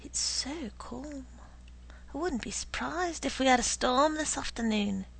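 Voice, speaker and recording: A woman voicing a kindly, thoughtful father in a storybook reading, speaking in a measured way. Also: high voice, lively intonation, creaky, husky, pitched above the performer's own voice, exaggerated voice, rough recording. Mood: calm.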